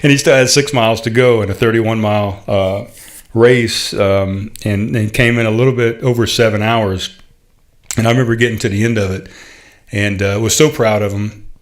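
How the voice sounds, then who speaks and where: A middle-aged man hosting a podcast, telling a heartfelt story in a halting, casual way, full of fillers and restarts. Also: on the low side, fairly even intonation. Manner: heartfelt, proud. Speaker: podcast host.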